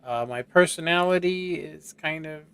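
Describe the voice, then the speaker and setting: A man in his forties giving casual, rambling gameplay commentary in a monotone voice while streaming. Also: fairly high pitch, moderate pace, clear, resonant tone. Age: 40s. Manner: monotone, rambling, self-doubting.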